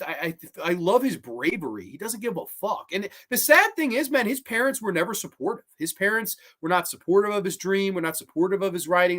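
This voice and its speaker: On his horror review livestream, a fairly high-pitched man rambles through viewer comments with excitable, profane, casual chatter.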